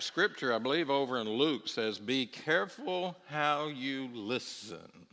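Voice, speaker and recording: A man's voice: mid-range voice, sharp tone. A middle-aged man teaching a church Bible class in a conversational way, often asking his listeners if they agree. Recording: long church-hall reverb.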